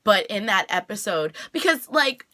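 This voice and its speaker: A woman vlogger recaps a sitcom episode in easy, conversational fashion. Her voice is bright and forward, and she scatters "like" fillers as she retells each scene. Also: medium pitch, big pitch swings, normal speed. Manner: chatty, lots of "like" fillers, acts out the characters' lines. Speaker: TV reaction vlogger.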